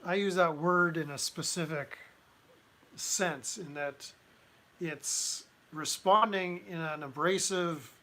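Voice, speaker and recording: A man hosting a casual commentary livestream, talking in a halting way with many restarts and fillers. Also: on the high side, sharp tone. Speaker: livestream host.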